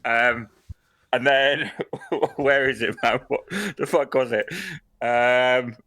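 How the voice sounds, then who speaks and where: Bright-voiced man telling a story. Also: medium pitch, slow pace. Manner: swearing, laughing, slangy storyteller. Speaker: podcast co-host. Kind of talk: casual storytelling chat.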